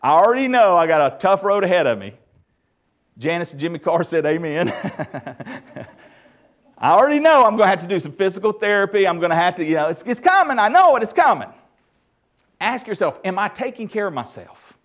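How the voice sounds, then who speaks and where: Lively high-pitched male preacher. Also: fast talker. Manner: lively, emphatic preaching with humor. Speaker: pastor. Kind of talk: sermon.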